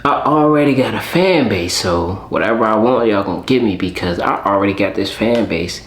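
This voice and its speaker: A man's voice: lowish voice, lively intonation, normal speed, roomy sound. A man giving casual reaction commentary in a blunt, slangy, mocking way. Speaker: reaction streamer.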